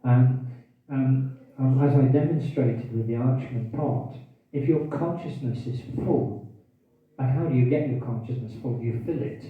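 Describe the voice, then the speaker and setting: A male teacher leads a scripture class at a measured pace in a medium-pitched voice, interrupted by hiccups. He asks the room questions and repeats key phrases, picked up by a distant, tinny mic with heavy echo.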